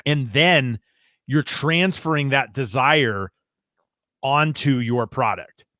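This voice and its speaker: A man's voice: mid-range voice, takes it slowly, bright, forceful tone, no room sound, clean studio sound. A man co-hosting a podcast in casual chat, talking with enthusiasm and emphasis and often restarting his sentences. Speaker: podcast co-host.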